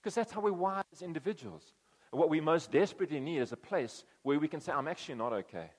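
A man's voice: a little high, expressive, fast, darkish tone, husky, in a large hall. A man preaching a conversational sermon, acting out quoted voices as he tells the story. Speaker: pastor.

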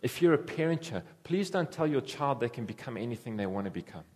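A man preaching a conversational sermon to a congregation, animated and repetitive, with sudden jumps in pitch. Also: fast talker, breathy edge.

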